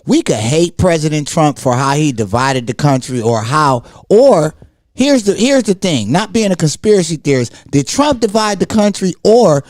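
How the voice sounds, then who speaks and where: A man co-hosting a casual talk show, animated and laughing as he talks. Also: fairly high pitch, moderate pace, no echo, studio quality. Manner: animated, laughs while talking. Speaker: podcast co-host. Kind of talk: casual chat.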